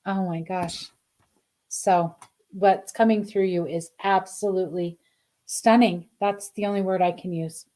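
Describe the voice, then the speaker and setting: Chatty middle-aged lady doing card readings on a stream, warm mellow voice, gushes a lot. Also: on the low side, steady tone, measured pace. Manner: effusive, chatty, reads viewer comments aloud. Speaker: spiritual card reader, host.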